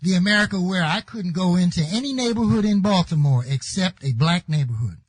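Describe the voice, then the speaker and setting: An older man giving an impassioned speech at a conference, building his points and rising to shouts when he stresses them. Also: high-pitched, expressive, brisk, low-quality recording. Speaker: conference speaker.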